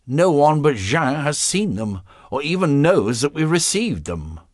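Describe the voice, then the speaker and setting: A man putting on a high, sly young princess. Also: very animated, measured pace, dry recording, studio quality. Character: scheming young French princess, thrill-seeking.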